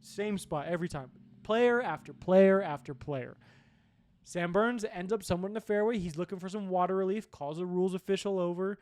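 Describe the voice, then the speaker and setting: Rambling young man with a fairly high voice. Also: a little fast, darkish tone, dry recording. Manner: rambling, profane, conversational recap. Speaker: sports podcast host. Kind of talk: casual sports chat.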